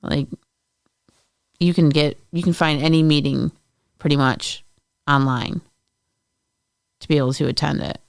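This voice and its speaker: Gravelly, smooth-toned podcast co-host. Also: medium pitch, steady tone, unhurried, long pauses, no echo, studio quality. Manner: supportive, conversational. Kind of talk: casual chat.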